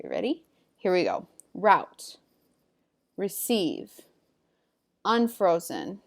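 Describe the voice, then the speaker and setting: A woman teacher leading a recorded reading lesson, saying each word clearly and patiently in call-and-response drills. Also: mid-range voice, darkish tone.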